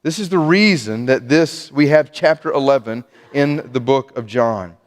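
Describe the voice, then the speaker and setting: A man delivers a sermon in a church sanctuary, speaking earnestly with frequent restarts and repeated words. His voice sits at a middle pitch, and a long reverb trails each phrase through the hall. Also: animated, normal speed. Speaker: preacher.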